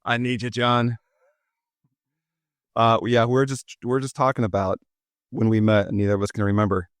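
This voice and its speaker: A man's voice: medium pitch, flat delivery, normal speed, dry recording, clean studio sound. A man in his forties hosting a podcast, telling stories in a chatty, jokey, self-deprecating way. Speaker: podcast host. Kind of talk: casual storytelling chat.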